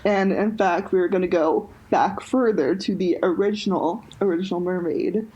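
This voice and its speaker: A woman's voice: on the low side, moderate pace, mellow, muffled recording, slight background noise. A young woman co-hosting a podcast in casual chat, rambling with lots of fillers and restarts. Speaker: podcast co-host.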